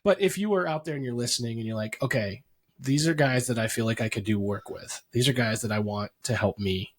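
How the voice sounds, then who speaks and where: A man co-hosting a marketing podcast, chatting casually with quick asides and frequent restarts. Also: mid-range voice. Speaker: podcast co-host.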